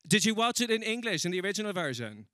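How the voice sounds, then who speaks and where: A young man doing stand-up on stage, chatting with the crowd and teasing himself. His voice sits a little high and sounds bright and ringing. The sound is close and dry. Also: sing-song, dry recording. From Ireland. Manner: chatty, self-mocking, quick asides to the crowd. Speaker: stand-up comedian. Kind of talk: live stand-up set with crowd work. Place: comedy stage before a live audience.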